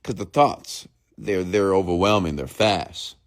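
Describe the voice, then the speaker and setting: A low-pitched man speaks at a very slow, measured pace. He weighs every word as he coaches an online audience and keeps checking that they follow. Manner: slow, deliberate speech with long pauses, often checking in with the audience; mimics fast rambling talk to show the contrast. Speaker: motivational speaker on a live stream. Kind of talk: live-stream coaching talk.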